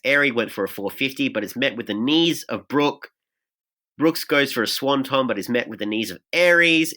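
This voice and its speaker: An Australian man hosting a podcast in a casual, rambling way, full of asides and fillers. His voice sits in a middle pitch and has a bright, forward edge. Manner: chatty, lots of fillers and asides. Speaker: podcast host. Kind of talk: casual recap talk.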